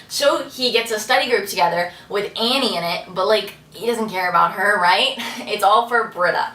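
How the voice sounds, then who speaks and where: A young woman in a casual chat with friends, making her case in a quick, argumentative way. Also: medium pitch, sharp tone, far from the mic. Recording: roomy sound from a camera across the room.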